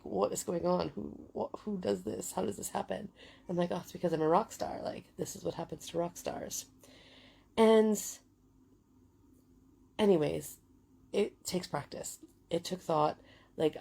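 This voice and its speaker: A woman's voice: sits low, creaky, a little mellow. A woman in her forties telling a story in a chatty, casual way, full of fillers and swearing. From United Kingdom. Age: 40s. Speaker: vlogger.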